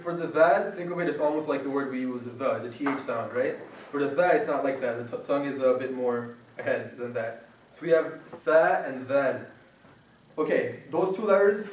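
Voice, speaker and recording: A man's voice: a little high, a little mellow. A young man teaching a university class on pronunciation, patient and informal, modeling sounds over and over for students. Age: young adult. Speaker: Quran recitation teacher. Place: university meeting room. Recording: echoey room, distant muffled mic.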